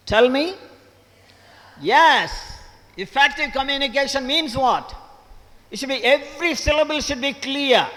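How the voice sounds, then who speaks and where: A former English professor from Tamil Nadu, India, now in his seventies, gives a motivational guest lecture to college students in an auditorium with long hall reverb. His voice is very high and fairly bright, with a Tamil Indian English accent, and he questions the audience, repeats key points, and stresses every syllable.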